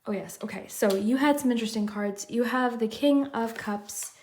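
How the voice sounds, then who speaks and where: A woman's voice: a little high, moderate pace, a little mellow. A woman doing a pick-a-card tarot reading, chatty and reflective, often saying "I feel like". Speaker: tarot reader.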